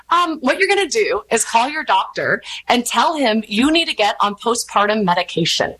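A woman, talking candidly as an interview guest, rambling and animated as she acts out the voices of people she quotes. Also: on the high side, normal speed, rough recording. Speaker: podcast host, interview guest. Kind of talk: candid conversational storytelling.

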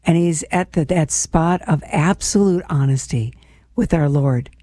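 A woman's voice: sits low, a little slow, warm tone, no echo. A woman hosting a faith program, giving an earnest, personal reflection on scripture and speaking to listeners as friends. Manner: laughs lightly, sometimes drops to a whisper.

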